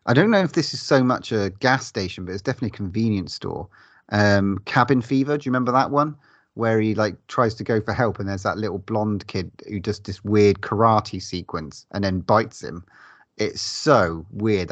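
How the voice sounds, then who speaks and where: A man's voice: lowish voice, normal speed, no echo. A man co-hosting a casual podcast, enthusiastic and laughing with casual swearing. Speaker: podcast co-host. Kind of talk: casual chat.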